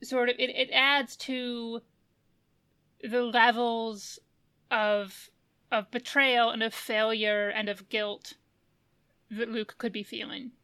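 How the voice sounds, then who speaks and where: A woman's voice: a little high, level tone, takes it slowly, long pauses, bright, forceful tone, clear, resonant tone. A woman co-hosting a podcast in casual chat, thoughtful, often restarting and hedging her points. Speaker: podcast co-host.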